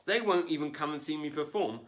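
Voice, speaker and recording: Performing a comedy set at home to no audience, a man pokes fun at himself with a wry delivery and assorted put-on voices. His pitch is on the high side and a bit bright, and his pace is brisk.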